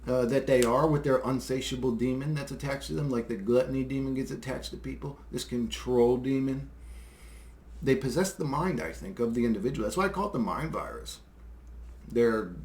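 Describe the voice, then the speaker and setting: A man's voice: medium pitch, a little mellow, reverberant. A man delivering a rambling, profane, exasperated monologue, full of fillers and short laughs. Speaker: solo video creator. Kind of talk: casual monologue rant.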